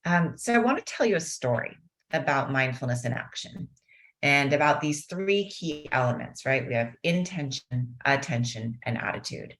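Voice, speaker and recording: Low-voiced woman teaching mindfulness. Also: expressive. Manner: warm storytelling, slows into soft guided meditation. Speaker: mindfulness teacher and guest speaker. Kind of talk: webinar talk with guided meditation.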